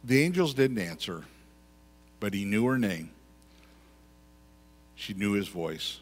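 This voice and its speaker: A man's voice: on the low side, lively intonation, takes it slowly. Man preaching in a reverberant church. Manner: conversational preaching with repeated phrases. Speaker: pastor. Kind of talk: sermon. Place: church sanctuary. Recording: long church hall reverb.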